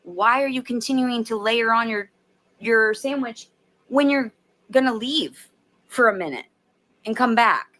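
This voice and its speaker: Bright-voiced woman ranting with swear words. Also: fairly high pitch, unhurried, long pauses. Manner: swears heavily, ranting at viewers. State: stressed and angry. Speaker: vlogger filming herself. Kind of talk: profane venting vlog.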